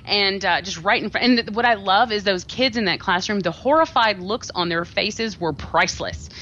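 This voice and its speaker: A woman's voice: mid-range voice, normal speed, dull audio, slight background noise. A woman co-hosting a movie podcast, telling stories with lots of laughter. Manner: lively, laughing storyteller. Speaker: podcast co-host. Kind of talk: casual chat.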